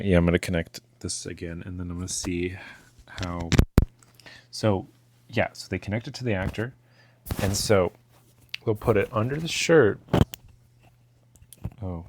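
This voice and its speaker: A man's voice: sits low, animated, moderate pace, gravelly, pauses often, noisy background. A young man casually rambling through a gear test, full of fillers and restarts. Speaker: vlogger testing a lavalier mic.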